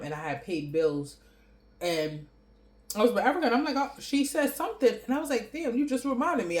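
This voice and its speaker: A woman vlogger telling a story to camera in a blunt, profane, animated way, chewing and laughing between lines. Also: medium pitch. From New York City.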